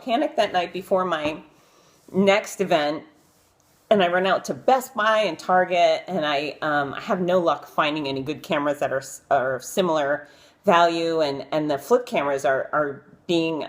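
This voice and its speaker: A woman vlogger casually telling stories about interviewing celebrities, chatty and self-deprecating, with many fillers. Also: normal speed. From Florida. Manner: chatty and animated, acting out quotes in a high voice. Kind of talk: casual live-stream storytelling.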